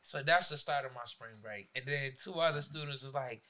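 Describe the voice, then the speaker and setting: A man, a teacher, telling a profane, animated story in a casual podcast chat. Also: mid-range voice, brisk.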